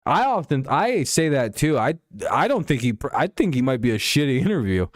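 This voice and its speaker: A man's voice: medium pitch, big pitch swings, fairly quick, no room sound, clean studio sound. A man hosting a casual stream, rambling and joking crudely about sports. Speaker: streamer host.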